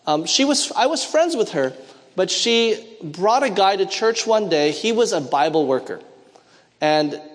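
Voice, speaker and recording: A man preaching a sermon, telling stories and asking the congregation to call out answers. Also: sits high. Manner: storytelling with call-and-response questions. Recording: long hall reverb.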